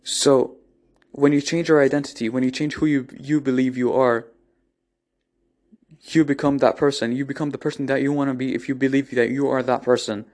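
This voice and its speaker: Mellow-voiced man giving a motivational talk. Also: medium pitch, fairly even intonation, brisk. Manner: earnest, repeats and restarts phrases, swears casually. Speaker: motivational speaker. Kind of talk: unscripted motivational monologue.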